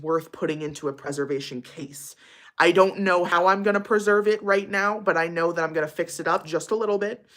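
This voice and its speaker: A woman's voice: lowish voice, a little fast, a bit bright. Bubbly giggly young woman streamer. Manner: bubbly, giggly, lots of likes and ums. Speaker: livestream host. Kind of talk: casual livestream chat.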